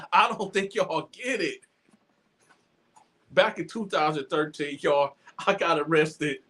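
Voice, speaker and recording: A man with a high, bright voice talks to his viewers in a loose, animated storytelling style. He stumbles and restarts his phrases and repeats lines for emphasis. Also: slow pace, husky. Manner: animated, repetitive, stammering restarts. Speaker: show host. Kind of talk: casual storytelling monologue.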